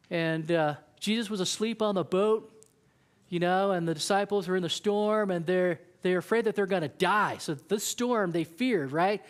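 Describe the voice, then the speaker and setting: A man preaching a casual, conversational sermon, often acting out what people in the story say. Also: sits high. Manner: conversational preaching, acts out quoted voices. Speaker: youth pastor.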